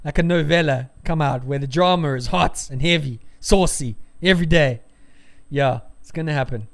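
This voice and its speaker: Excitable male race-stream commentator, high voice, rambling, prone to loud cheering bursts. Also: normal speed, gravelly. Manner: rambling, hedging with fillers.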